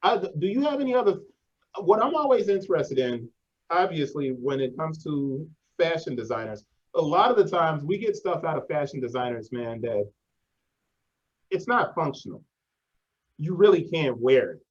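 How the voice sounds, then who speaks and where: A male interview host with a slightly high voice who chats loosely and slangily. His voice comes through a somewhat dull, lo-fi recording. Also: big pitch swings, normal speed. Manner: slangy and conversational, says 'yo' and 'man'. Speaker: podcast host. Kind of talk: casual interview.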